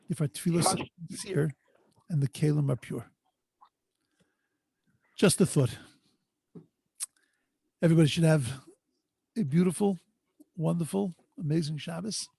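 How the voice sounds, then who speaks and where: A man, a rabbi, teaching a Torah class over a video call in an earnest, drawn-out way, sprinkled with Hebrew and Yiddish terms. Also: on the high side, vocal fry, mellow, slightly rough, no echo. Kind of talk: storytelling Torah lesson. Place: home online video call. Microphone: video call microphone.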